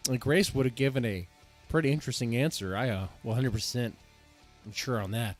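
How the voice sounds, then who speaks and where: A male streamer talks over a debate clip at a mid-range pitch. He rambles and restarts his sentences and greets his chat as he goes. Faint music sits underneath. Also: brisk. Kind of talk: casual live-stream commentary.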